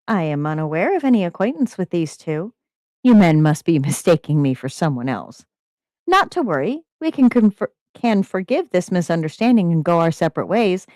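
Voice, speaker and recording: A woman's voice: on the low side, big pitch swings, normal speed, darkish tone, no echo, clean studio sound. A woman reading a story aloud, voicing a prim, haughty young lady who speaks in a formal, articulate way.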